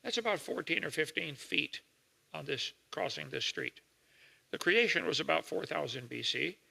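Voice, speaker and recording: An older man giving a folksy lecture to an audience, explaining slowly with homely examples and checking in with listeners. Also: fairly high pitch, big pitch swings, gravelly, bright, forceful tone, breathy edge. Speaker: creationist lecturer. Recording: reverberant hall recording.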